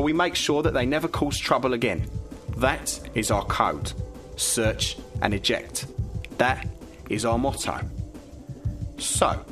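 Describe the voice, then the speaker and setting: An actor playing a menacing but overly polite nightclub doorman with a Cockney accent. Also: mid-range voice. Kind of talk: sketch comedy acting.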